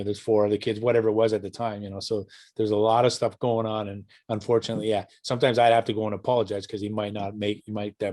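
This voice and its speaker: A man's voice: on the low side, a little mellow. A middle-aged Canadian man, a hockey parent guest, telling rambling anecdotes with many restarts and chuckles. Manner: rambling, self-correcting, laughs at his own stories. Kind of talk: casual storytelling interview.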